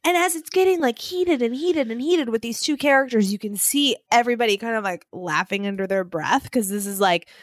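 A woman's voice: fairly high pitch, fairly quick, hardly any pauses, dry recording, clean studio sound. A woman co-hosting a podcast, chatting casually and laughing as she jokes. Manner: chatty, laughs while joking. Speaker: podcast co-host. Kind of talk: casual chat.

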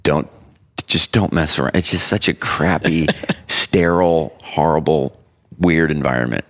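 A man with a very deep voice spins a long story for his podcast co-hosts. He rambles, restarts his sentences and keeps the talk loose and chatty. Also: fairly even intonation, unhurried, a bit bright. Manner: rambling anecdotes with frequent restarts and laughing asides. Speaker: podcast co-host. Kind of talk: casual storytelling chat.

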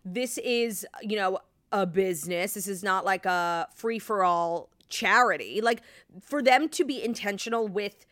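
Woman chatting on a podcast, lively, cusses a bunch, dead dry room. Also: mid-range voice, unhurried, no room sound. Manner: animated, swears freely, lots of "like". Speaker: podcast co-host. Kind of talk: casual chat. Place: hotel room.

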